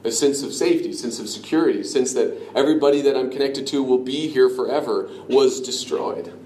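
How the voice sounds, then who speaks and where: A man preaching a sermon in an earnest, conversational way, dropping to a hush on key lines. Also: medium pitch, brisk. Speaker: pastor. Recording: echoey room with faint ambient noise.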